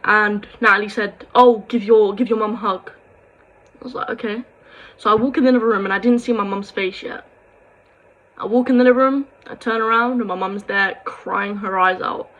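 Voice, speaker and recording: A woman's voice: mid-range voice, steady tone, moderate pace, fairly bright tone, highs cut off. Young girl vlogging, rambly and sighing, keeps saying like. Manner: rambling, lots of "like" and quoted dialogue, sighs. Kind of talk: emotional storytelling to camera.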